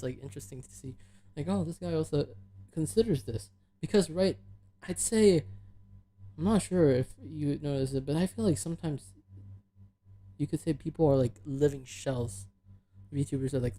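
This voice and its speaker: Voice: medium pitch, warm tone. Reflective podcast host thinking aloud. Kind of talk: casual podcast chat.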